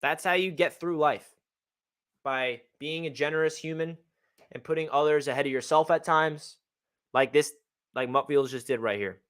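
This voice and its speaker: A man hosting a casual sports fan livestream, talking in a hyped, excitable way. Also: on the high side, normal speed, smooth.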